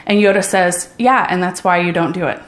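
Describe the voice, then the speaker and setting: A woman's voice: on the low side, a little fast, echoey room. A woman who is a runner and a mom, talking in an upbeat, enthusiastic and encouraging way in a casual motivational vlog.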